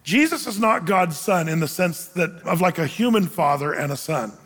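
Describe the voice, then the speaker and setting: High-voiced pastor preaching in an echoing church. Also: male voice, expressive, normal speed, a bit bright. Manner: conversational and joking, asks rhetorical questions. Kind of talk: sermon. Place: church stage. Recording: long reverb of a church hall.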